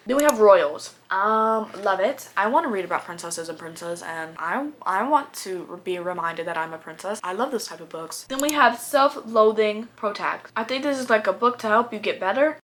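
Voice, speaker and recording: A woman's voice: medium pitch, fairly bright tone, a little hiss or hum. A young woman who vlogs about books, chatting casually about what she loves and hates, playful and opinionated. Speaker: book vlogger.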